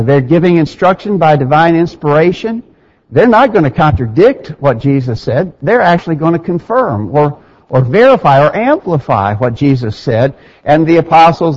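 A man's voice: a little high, a little mellow, husky, muffled recording. A man preaching a sermon in an earnest, emphatic way, reading scripture aloud and explaining it. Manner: earnest, emphatic, quotes scripture in King James wording.

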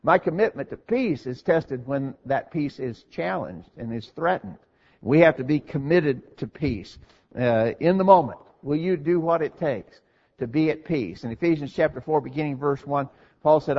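A man's voice: on the high side, expressive, normal speed, long reverb tail, dull audio. A man preaching an earnest sermon to his congregation, stressing his points and asking rhetorical questions.

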